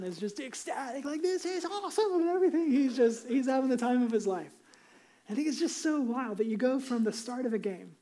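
Earnest pastor with a mellow, dark voice. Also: male voice, sits high. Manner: earnest, conversational storytelling. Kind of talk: sermon.

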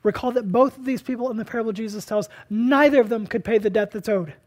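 Pastor delivering an emphatic sermon, hushed-to-loud dynamics, rhetorical questions. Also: medium pitch, fast. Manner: asks and answers rhetorical questions.

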